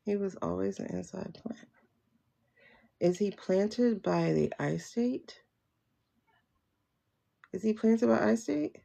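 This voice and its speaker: A woman's voice: medium pitch, takes it slowly, vocal fry, long pauses, warm tone. A woman hosting a casual livestream tarot chat, asking questions aloud and answering them herself in a slangy, familiar way. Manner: slangy and familiar, calls viewers child, girl, boo. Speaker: livestream host reading tarot.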